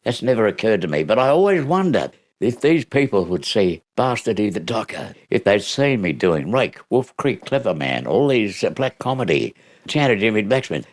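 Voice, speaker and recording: An older Australian man telling stories from his life in an interview, with a halting delivery full of fillers. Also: lowish voice. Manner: halting, with many fillers and lively storytelling. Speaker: guest, actor. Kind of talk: storytelling in an interview.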